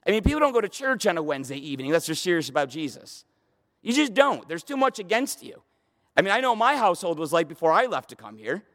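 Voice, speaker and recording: A man preaches to his congregation, his voice sitting high for a man. He builds to emphatic, repeated questions, and his words hang in the long reverb of the church hall. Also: big pitch swings, fast, fairly bright tone. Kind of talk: sermon.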